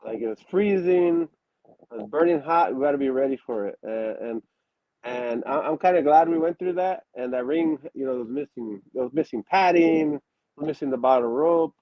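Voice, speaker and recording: A man's voice: a little high, normal speed, dry recording, lo-fi sound. A man in a casual interview, telling stories with many restarts and fillers and acting out quotes. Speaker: wrestler guest.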